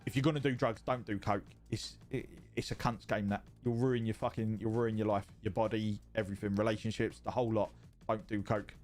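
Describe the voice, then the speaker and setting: A man with a fairly low, darkish voice speaks fairly quickly with fairly even intonation, faint music behind him. He's streaming from home, going through viewer messages casually, swearing, rambling and repeating himself.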